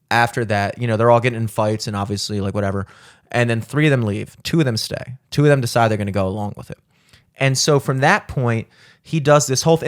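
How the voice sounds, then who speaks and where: A young man hosting a podcast, rambling in casual chat with many filler words and frequent swearing. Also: mid-range voice. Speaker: podcast host.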